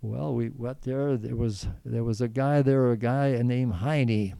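A man's voice: mid-range voice, steady tone, measured pace, gravelly, warm tone, smooth, dry recording. An older man being interviewed, telling stories from his past in an earnest, rambling way with many restarts. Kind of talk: storytelling in conversation.

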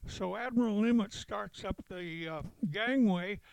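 An older man, a veteran, recalling events in a halting storytelling way with chuckles. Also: high-pitched, creaky, no echo, rough recording. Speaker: veteran interviewee. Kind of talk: oral history recollection.

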